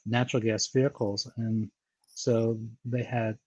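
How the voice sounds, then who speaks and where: A man's voice: mid-range voice, little pitch movement, measured pace, darkish tone, breathy edge, no room sound. An American man from Baltimore hosting a podcast interview, chatting casually and rambling, with lots of repeated words and restarts. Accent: American, with a touch of New York. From Baltimore, USA. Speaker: podcast host.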